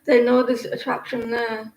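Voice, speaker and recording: A woman's voice: a little high, level tone, normal speed, a little mellow. A woman giving casual tarot readings on a live stream, chatty and rambling, often laughing. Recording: echoey room, faint noise.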